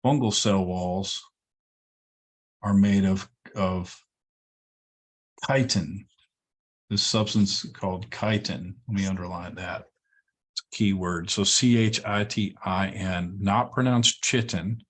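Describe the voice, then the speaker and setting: A man lecturing a college class, relaxed and explanatory, with frequent ums and checks like "all right?". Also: low voice, slow pace, pauses often. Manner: relaxed, repeats words, many ums and okays. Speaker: college instructor.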